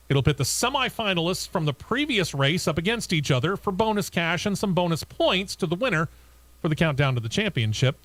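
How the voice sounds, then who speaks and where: A man's voice: fairly high pitch, a bit bright, no echo. A man hosting a racing talk show, reading motorsport news and bantering with his co-hosts. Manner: reads news items then chats and laughs with co-hosts.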